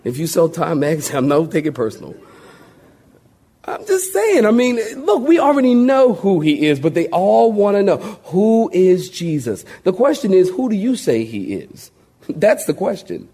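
Husky, animated preaching pastor. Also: male voice, sits high. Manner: animated preaching with a call-and-response to the congregation; folksy humor and sudden drops to a hushed, slow voice. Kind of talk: sermon.

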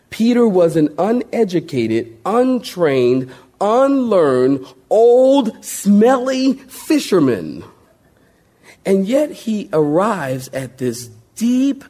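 A male pastor preaches a lively sermon in a high, husky voice that leaps up and down in pitch. He banters with the congregation, asks for amens, and sometimes sinks to a slow, quiet, solemn voice. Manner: animated preaching with a call-and-response to the congregation; folksy humor and sudden drops to a hushed, slow voice.

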